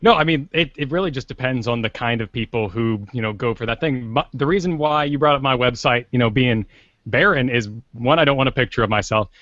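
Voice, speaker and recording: A young man talks shop about voice work in an easy, unhurried way. His voice sits at an ordinary pitch. The recording is dry and a little dull. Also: a bit bright, no echo. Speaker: voice actor guest. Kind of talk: casual podcast chat.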